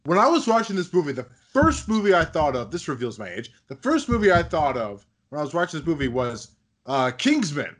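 A young man in casual chat, pausing often to search for his words. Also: on the high side, sing-song, husky. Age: young adult.

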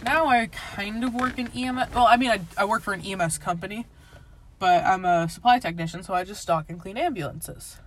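Young woman, casual storyteller, rambles with constant fillers, swears freely, mid pitch. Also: fairly quick. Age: young adult. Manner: rambling, heavy filler words, laughs often, swears. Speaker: guest telling a personal story. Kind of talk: casual chat.

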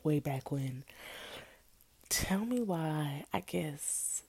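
Low raspy woman spilling a story, slow and slangy, big swings in her voice. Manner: slangy, animated storytelling with sudden loud outbursts and laughs. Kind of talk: casual storytime.

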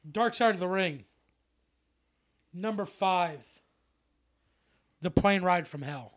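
A man co-hosting a podcast, excitable and profane in casual chat, laughing often. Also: sits high, slow. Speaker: podcast co-host.

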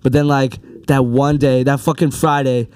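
A man's voice: medium pitch, flat delivery, normal speed, darkish tone, clean tone, no echo. A young man in casual chat, rambling with lots of fillers and swearing.

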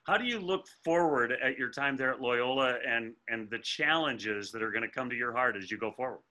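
A man's voice: medium pitch, animated, a little fast, pushed and bright. A man interviewing a guest, chatting casually and asking long winding questions.

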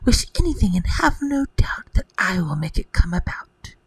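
A woman's voice: medium pitch, big pitch swings, moderate pace, vocal fry, breathy edge, no room sound, heavily acted, low-quality recording. A woman whispering the part of a kindly, generous magic fairy in a whispered role-play storybook reading.

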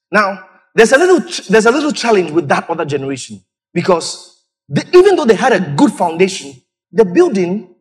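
A man preaching a lively sermon as pastor, acting out church members with sudden high shouts. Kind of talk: lively sermon with acted-out stories.

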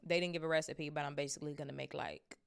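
Low, gravelly young woman reading aloud. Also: fairly even intonation, fast talker, no echo, clean studio sound. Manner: chatty, swears casually. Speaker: podcast book club reader. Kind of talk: reading a novel aloud with casual asides.

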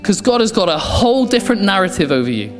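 Male pastor, impassioned sermon, high voice, roomy hall with guitar bed. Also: very animated, fast talker. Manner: passionate, repeats phrases, drops to quiet intensity. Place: church. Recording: echoey church hall, soft guitar behind.

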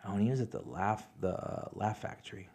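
Laid-back, low-voiced podcast co-host guy. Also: expressive, brisk, darkish tone, breathy edge. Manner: laid-back, joking, profane. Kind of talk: casual chat.

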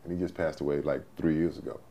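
A Texan former football player in his sixties tells folksy stories as an interview guest, repeating himself as he goes. His voice rumbles low, with a steady tone, a quick pace and a warm quality.

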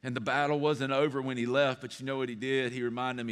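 A middle-aged man preaches from the pulpit. His voice sits at an ordinary pitch for a man, and he talks in an earnest, confiding way, stacking up repeated phrases for emphasis. A long hall reverb trails behind every word. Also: level tone, fast talker, hardly any pauses, clean tone. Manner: earnest and personal, builds to rising emphatic repetition. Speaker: pastor. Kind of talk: sermon. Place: church sanctuary.

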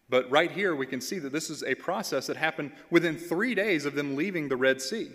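A man delivers a sermon in an earnest, steady way, reading scripture aloud and repeating key phrases for emphasis. His voice sits in a middle register. A long reverb tail from a church sanctuary trails after each line. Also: medium pitch. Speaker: pastoral intern.

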